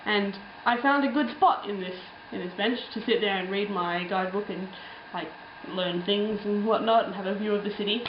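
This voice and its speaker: A woman's voice: mid-range voice, normal speed, hardly any pauses, reverberant, dull audio, a little hiss or hum. Chatty young woman with lots of ums. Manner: rambling, chatty, frequent ums and laughs. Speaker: travel vlogger. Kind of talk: casual travel storytelling.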